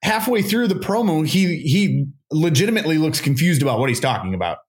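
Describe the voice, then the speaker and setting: A man co-hosting a casual podcast with a somewhat high voice that leaps up and down. He tells his stories in a jokey, animated way. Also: fairly quick. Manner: animated, swooping, jokey storytelling. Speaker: podcast co-host. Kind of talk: casual chat.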